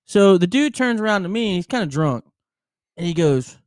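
A man co-hosting a podcast, telling a story with big swings in pitch and a slightly high voice. He laughs often and swears freely, and the recording is close and dry. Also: expressive, quick pace, a little mellow, dry recording. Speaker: podcast co-host. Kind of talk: casual chat, storytelling. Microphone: close studio microphone.

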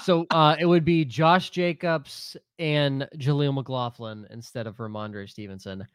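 A man's voice: mid-range voice, a little slow, fairly bright tone, clear, resonant tone, no echo, clean studio sound. A man with a stuffy, congested voice co-hosting a sports podcast, blunt and profane as he reads out listener questions. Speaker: podcast co-host.

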